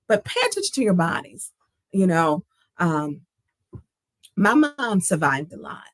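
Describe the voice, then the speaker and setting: A woman's voice: deep voice, sing-song, a little slow, long pauses, dry recording. A middle-aged woman hosting a livestream talk show, speaking earnestly and with emphasis from her own life and reading out viewer comments.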